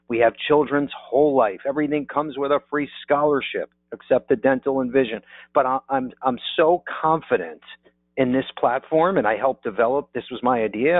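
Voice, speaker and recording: A man's voice: medium pitch, no echo. Man on a tinny, phone-like line. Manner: upbeat salesy, frequent "okay?" check-ins. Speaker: insurance marketing presenter. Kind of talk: webinar sales presentation. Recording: dry, phone-like narrow audio.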